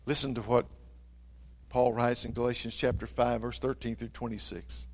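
A man preaching a sermon, reading scripture loudly and dropping to a soft, intimate voice for a story. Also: medium pitch, flat delivery, moderate pace.

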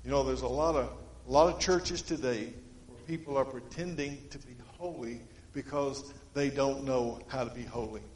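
A male preacher, giving a sermon in a folksy storytelling way, swinging between emphatic stretches and quiet ones. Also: medium pitch, normal speed, hardly any pauses, reverberant, slight background noise, rough recording.

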